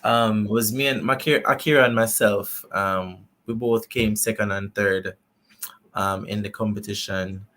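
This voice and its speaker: A man with a Jamaican accent, chatting as a guest in an interview, animated and laughing often. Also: fairly low pitch, measured pace. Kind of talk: casual interview chat.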